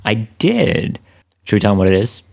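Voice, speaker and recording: A man with a very deep voice co-hosts a podcast in relaxed conversation. He tosses in playful, jokey asides as he talks. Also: moderate pace, vocal fry. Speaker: podcast co-host. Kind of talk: casual chat.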